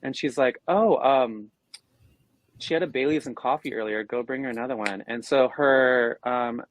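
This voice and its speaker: A man's voice: mid-range voice, moderate pace, dry recording, low-quality recording. A man co-hosting a podcast, telling stories in casual chat and acting out what people said. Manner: animated, acts out quoted voices. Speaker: podcast co-host.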